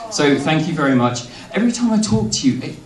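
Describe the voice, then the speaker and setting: A young man performing a cheeky stand-up comedy set, with quick asides to the crowd. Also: on the high side, sing-song, heavy background noise. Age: young adult. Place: large hall on stage. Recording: echoey hall from far off, loud crowd laughter.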